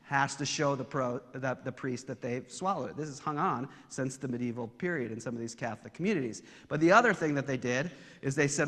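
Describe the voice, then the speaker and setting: A man's voice: mid-range voice, fairly quick, fairly bright tone, big-room sound. A middle-aged man giving a humorous theology lecture, telling stories with self-deprecating asides.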